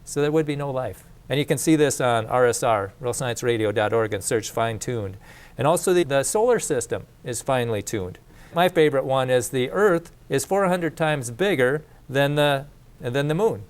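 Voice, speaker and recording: A man's voice: medium pitch, animated, normal speed, clear, resonant tone. A plain-spoken man lecturing. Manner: conversational, repeats and restarts, plain speech. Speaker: teacher of a creation course. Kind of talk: casual classroom lecture.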